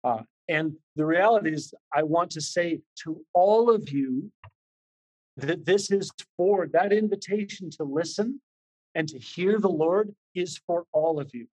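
A man's voice: fairly high pitch, a little slow, a little mellow, poor audio. A man preaching a sermon in a conversational way, earnest and repetitive, often restarting his sentences. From Canada. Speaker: visiting preacher.

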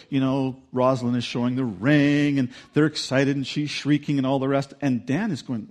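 A man preaching a sermon in a relaxed, conversational way, telling a story and acting out the quotes with energy. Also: mid-range voice, normal speed. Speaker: pastor.

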